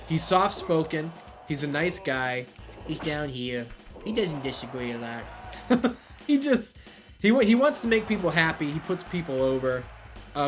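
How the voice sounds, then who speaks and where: A man hosting a wrestling video game playthrough, chatting casually, laughing and swearing, then shouting play-by-play at the big moves. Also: on the high side. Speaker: let's play host.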